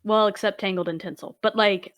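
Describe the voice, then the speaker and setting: A woman's voice: mid-range voice, steady tone, a little fast, crowd noise. A woman co-hosting a book podcast, gushing over the book. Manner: gushing, laughing reactions. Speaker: podcast co-host. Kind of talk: casual chat.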